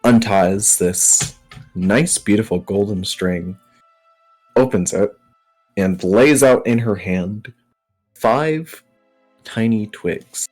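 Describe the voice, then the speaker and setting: A man narrating a tabletop game as game master in a relaxed style full of fillers. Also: fairly low pitch, slow, long pauses, soft background music.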